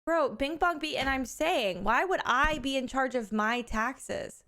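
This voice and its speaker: Chatting with her viewers at an unhurried pace, a woman live streamer keeps things relaxed and unscripted. Her voice is a little on the high side, and she's animated and candid, laughing often and swearing without a second thought.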